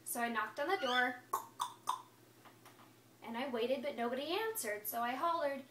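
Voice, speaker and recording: A woman with a high, slightly bright voice reads a fairy tale aloud in the first person, playing a friendly male wolf who insists he's innocent and justifies himself in a chatty, playful way. She keeps a moderate pace and pauses often. The room is echoey, she's far from the mic, and there's faint hiss.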